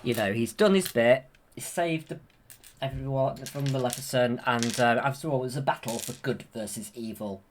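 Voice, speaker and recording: Excited man rambling through a film retelling. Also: mid-range voice, moderate pace, a little hiss or hum. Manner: eager, rambling, many ums and restarts. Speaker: YouTube creator. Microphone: handheld camera.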